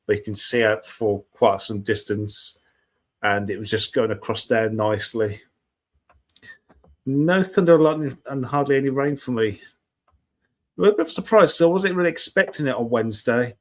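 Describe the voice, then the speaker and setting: A man hosting a casual live weather chat show, talking in a chatty, rambling way and often correcting himself mid-sentence. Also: mid-range voice.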